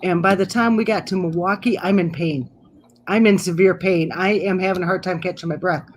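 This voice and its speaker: A middle-aged woman telling a personal story in a casual chat, animated and laughing as she goes. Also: on the low side, brisk, a little hiss or hum. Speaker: guest storyteller. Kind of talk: casual storytelling on a live stream.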